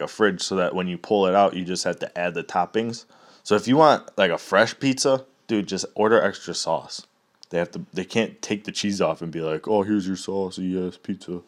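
A young man in a casual, rambling rant, swearing often and laughing at his own stories. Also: sits low.

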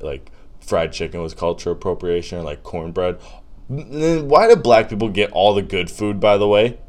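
Profane rambling young man, low voice. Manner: profane, rambling, loose and joking. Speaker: podcast host. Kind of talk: casual comedic rant.

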